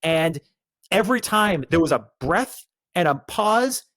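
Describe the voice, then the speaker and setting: A man's voice: high-pitched, unhurried, no echo. A man co-hosting a casual recap chat, talking emphatically and acting out what people said. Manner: animated, emphatic, acts out quotes. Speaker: podcast co-host.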